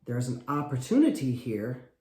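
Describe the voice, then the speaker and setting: A man's voice: medium pitch, wildly swooping pitch, moderate pace, a little mellow, reverberant. A man, a wrestling coach, giving emphatic advice and acting out short parent talks. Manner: acts out little parent dialogues, emphatic and repetitive. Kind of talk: animated coaching talk.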